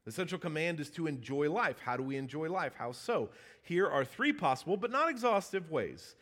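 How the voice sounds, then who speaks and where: A pastor preaching a sermon in a church, his voice rising emphatically and dropping to a hush. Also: on the high side, moderate pace. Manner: animated preaching with emphatic rises and hushed drops. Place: church sanctuary.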